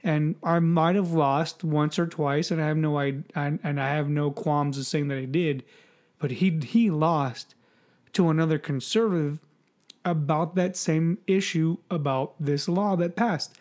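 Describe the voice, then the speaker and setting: Speaking unhurriedly, a man with a slightly high, darkish voice and fairly even intonation co-hosts a podcast. He riffs on politics in a rambling, mocking, profane way, swearing and repeating words.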